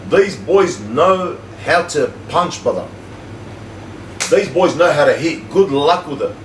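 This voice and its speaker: A man's voice: on the high side, slow. A man, telling a story to his livestream viewers in casual, slangy chat. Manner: animated, repetitive slangy storyteller. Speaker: livestream host. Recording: echoey room, slightly distant mic, faint hum.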